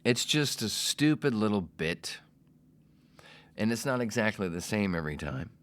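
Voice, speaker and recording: A man in his forties hosting a solo comedy podcast, brash and self-mocking, swearing freely and swinging between loud bursts and whispers. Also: on the low side, big pitch swings, normal speed. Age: 40s. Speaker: podcast host.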